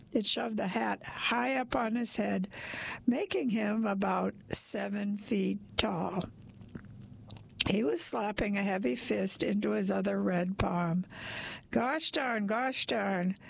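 A woman narrating a story aloud in a wry, deadpan manner. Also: mid-range voice, vocal fry, husky. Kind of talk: storytelling reading.

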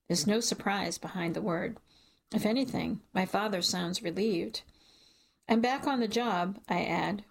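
A woman reading a first-person novel aloud in a measured, wry storytelling manner. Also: medium pitch, vocal fry. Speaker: audiobook narrator. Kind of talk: first-person audiobook narration.

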